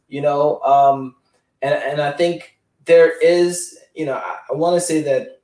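A man's voice: mid-range voice, measured pace, darkish tone. A man caring for his father, telling rambling stories in a casual group chat and acting out the voices he quotes. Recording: roomy, distant mic.

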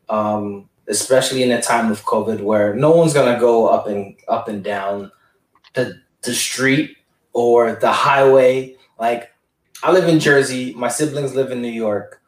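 A man's voice: mid-range voice, a little slow, echoey room. Man telling stories from a distant mic. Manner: rambling, acts out quoted voices. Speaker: caregiver for his father. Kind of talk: casual group discussion.

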